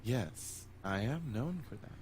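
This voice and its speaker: A man's voice: mid-range voice, lively intonation, takes it slowly, a little mellow, full character voice. A man playing a flirtatious incubus charmer. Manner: smooth, teasing, flirtatious.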